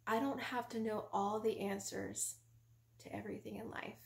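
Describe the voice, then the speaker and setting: A woman retelling a calm husband, soft and patient. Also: mid-range voice, moderate pace, gravelly, close to an everyday voice. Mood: calm earnest. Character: calm gentle husband, earnest believer. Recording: roomy echo.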